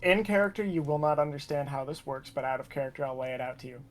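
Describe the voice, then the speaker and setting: A man's voice: on the high side, steady tone, fast talker. Man narrating a tabletop game as game master. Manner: casual, laid-back narration with swearing.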